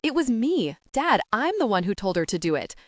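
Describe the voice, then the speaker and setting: A woman voicing an anxious, earnest teenage girl who rushes to take the blame, in a YA audiobook. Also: on the high side, very animated, no echo, studio quality, voice pushed up. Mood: frantic. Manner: frantic, pleading confessions.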